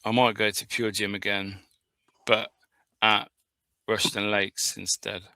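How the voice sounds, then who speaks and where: Bright-toned man chatting casually. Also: lowish voice, little pitch movement, takes it slowly, dry recording. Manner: jokey, laughs often, swears freely. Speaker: podcast co-host. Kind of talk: casual chat.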